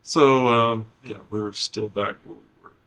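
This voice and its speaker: A man's voice: lowish voice, fairly even intonation, unhurried, a bit bright, smooth. A man putting questions to a channeled spirit in a channeling session, with short, agreeable replies.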